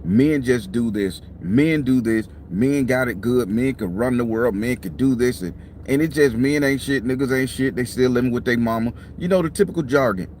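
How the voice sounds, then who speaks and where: A middle-aged man who reads tarot and hosts a channel talks casually and bluntly to the camera from a parked car, swearing a lot while tired and yawning. His mid-range voice is a little mellow and moves at normal speed. The clip-on mic picks up a little hiss or hum.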